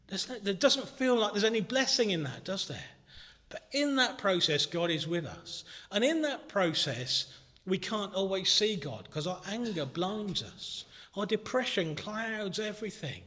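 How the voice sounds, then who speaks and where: A man preaching a sermon in a church, earnest and conversational, ranging from hushed moments to shouting. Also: high voice, sing-song, moderate pace. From Britain. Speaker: minister. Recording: long church reverb.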